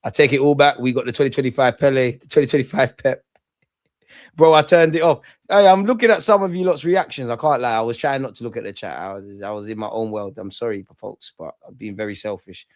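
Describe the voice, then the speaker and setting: A man's voice: mid-range voice, fast. A young man hosting a livestream football reaction, ranting and taunting his chat. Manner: excitable, taunting, shouts at chat. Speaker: fan channel host.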